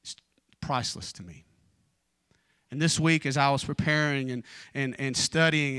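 A man in his forties preaching an evening church sermon, telling personal stories informally with joking asides, and dropping low and fervent in prayer. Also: fairly even intonation, normal speed, pauses often, pushed and bright, clean tone, dry recording, clean studio sound. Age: 40s.

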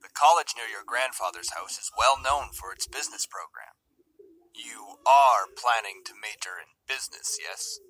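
A man's voice: mid-range voice, animated, normal speed, sharp tone, poor audio. A man voicing a stern, controlling middle-aged father in a visual novel reading, curt and condescending. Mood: cold, lecturing.

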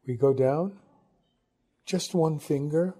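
A brash, frank young woman, as a male reader puts her on, blunt and teasing in a storybook reading. The voice is warm and mellow with a husky edge. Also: fairly high pitch, takes it slowly, pitched above the performer's own voice. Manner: blunt, teasing, a little tipsy.

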